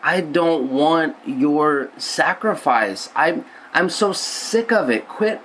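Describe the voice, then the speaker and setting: A man's voice: fairly high pitch, animated, slow pace, a bit bright, slight background noise, voice pushed up, poor audio. A man doing an exasperated, scolding God. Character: exasperated God, fed-up stern male deity.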